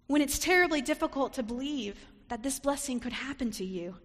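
In a church sanctuary with long reverb, a woman preacher gives a reflective sermon, sometimes acting out short quoted lines. Her voice sits high, fairly bright in tone, at a normal speed.

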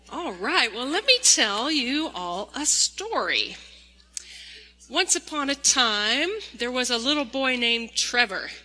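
A woman pastor telling a gentle children's story and leading a prayer in a large church sanctuary. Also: mid-range voice. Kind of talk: children's sermon. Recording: echoey church hall.

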